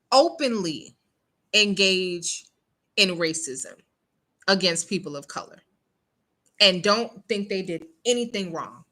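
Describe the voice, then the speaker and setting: A woman's voice: fairly low pitch, pushed and bright. A woman hosting a casual news commentary show, talking emphatically and checking in with "okay?" after her points. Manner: emphatic, rhetorical questions, frequent "okay?" check-ins. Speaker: show host.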